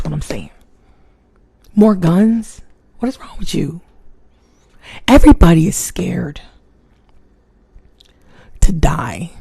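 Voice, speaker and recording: A woman from Connecticut with a local accent, hosting a live stream on her phone and talking in an animated, opinionated, chatty way with her viewers. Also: fairly low pitch, vocal fry, breathy edge. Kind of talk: casual live-stream talk.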